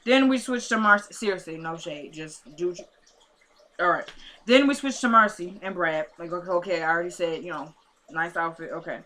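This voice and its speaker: Chatty woman recapping TV, bright voice. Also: on the low side, fairly quick. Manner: chatty, sassy asides, retells scenes in quoted dialogue. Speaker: TV episode recapper. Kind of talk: casual episode recap vlog.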